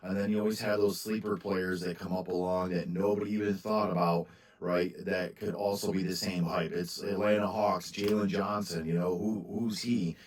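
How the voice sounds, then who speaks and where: A man's voice: sits low, fairly even intonation, normal speed, low-quality recording. A man hosting his own channel and talking casually about collecting, rambling with frequent restarts and sounding tired. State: tired, yawning. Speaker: sports card seller and channel host. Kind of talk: casual monologue to camera.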